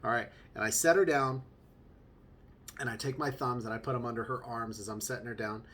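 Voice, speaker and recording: A young man hosting a casual podcast as a new father, telling stories in a joking, chatty way with quick asides. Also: medium pitch, steady tone, pushed and bright. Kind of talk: casual storytelling monologue.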